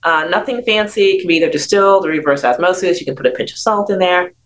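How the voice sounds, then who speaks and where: A woman's voice: fairly low pitch, fast talker, a little hiss or hum, rough recording. An older woman doctor giving blunt, emphatic health advice on a talk show, repeating words for emphasis. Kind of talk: casual radio talk advice.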